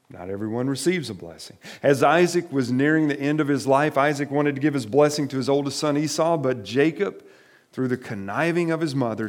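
A man preaching a sermon to his congregation, emphatic and direct, repeating his key phrases. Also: medium pitch. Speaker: pastor.

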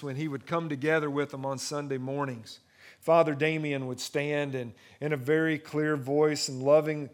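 A man preaching a sermon, swinging from hushed, intimate moments to rising excitement, often repeating and restarting phrases. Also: on the high side. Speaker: pastor.

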